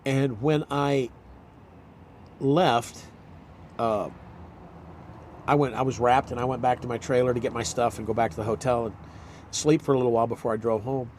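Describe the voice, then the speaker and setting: A man's voice: mid-range voice, steady tone, normal speed, long pauses, a little mellow. Older man, actor, rambling anecdotal storyteller, acts out what people said, faint background noise. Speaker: actor, guest. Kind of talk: casual storytelling chat.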